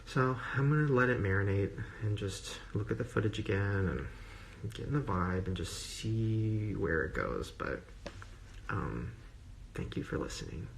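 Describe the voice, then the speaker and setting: Man rambling emotionally, vocal fry. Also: lowish voice, animated, unhurried, a little hiss or hum. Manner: rambling and gushing, full of "like" fillers. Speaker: social media personality on a livestream. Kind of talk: emotional casual livestream talk. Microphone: phone livestream.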